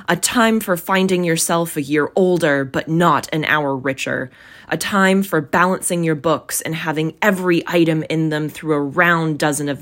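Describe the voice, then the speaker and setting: A woman reading a storybook aloud, voicing a bitter, miserly old man who speaks louder and more forcefully than her narration, in an indignant and emphatic manner. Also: low voice.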